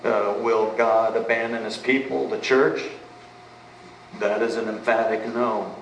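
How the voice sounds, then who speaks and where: A pastor in the middle of a sermon, his voice sitting somewhat low. He drives points home with questions he answers himself. The recording catches him from a distance in a reverberant church, with a faint hiss underneath. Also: fairly even intonation, measured pace. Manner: emphatic, asks and answers rhetorical questions. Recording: echoey room, mic at a distance, faint background noise.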